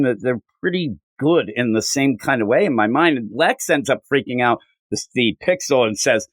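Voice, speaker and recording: On a podcast, a man co-hosts a casual chat reviewing comics, animatedly acting out characters' lines in quick voices. His voice is medium-pitched, and the recording is rough with no echo.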